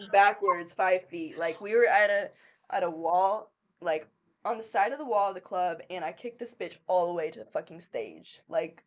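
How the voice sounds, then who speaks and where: A woman co-hosting a podcast, telling a story in a blunt, profane, animated way. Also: lowish voice. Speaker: podcast co-host. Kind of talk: casual storytelling chat.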